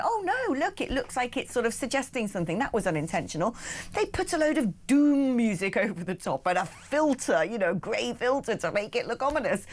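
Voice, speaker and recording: A woman from the West Country hosting a TV talk show, telling it in a brisk, sardonic and animated way. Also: a little high. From West Country of England. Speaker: TV news talk host. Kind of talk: opinionated studio chat. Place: TV studio.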